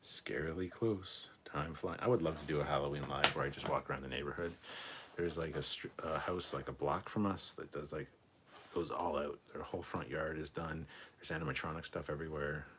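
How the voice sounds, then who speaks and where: A man with an extremely low voice hosts a casual livestream and reads viewer comments aloud. His talk is loose and rambling, with frequent swearing. A faint hiss of noise sits behind him. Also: steady tone, a little fast. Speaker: livestream co-host reading chat.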